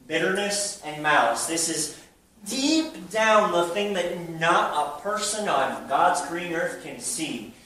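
A man preaching a sermon to a church audience, shifting between a hushed voice and loud bursts. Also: high voice, slow. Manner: animated preaching, drops to a hush then bursts loud. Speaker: pastor. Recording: very echoey hall, mic at a distance.

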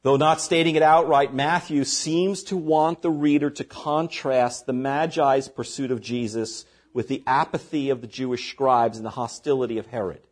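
A man's voice: medium pitch, steady tone, normal speed, hardly any pauses. A man preaching a sermon as pastor, reading scripture aloud and breaking in with short asides to the congregation.

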